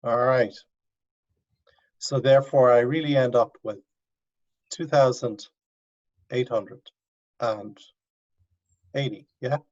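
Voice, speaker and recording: A man's voice: mid-range voice, steady tone, takes it slowly, long pauses, a little mellow. A male university professor teaching an online class, coaxing students step by step over a video call. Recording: dull lo-fi video call audio.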